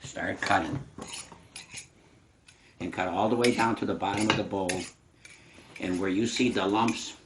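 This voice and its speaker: A man's voice: fairly low pitch, steady tone, measured pace, pauses often, very noisy. An older man giving a casual home cooking lesson to a child, patient and encouraging, explaining each step. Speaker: home cook teaching a grandchild. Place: home kitchen.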